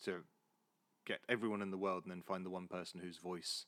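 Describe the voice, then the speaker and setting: A man with a Southwest London accent hosting a podcast, friendly and hesitant, with many fillers, his sentences trailing off quietly. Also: deep voice, steady tone, fairly quick. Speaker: podcast host. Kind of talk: casual chat.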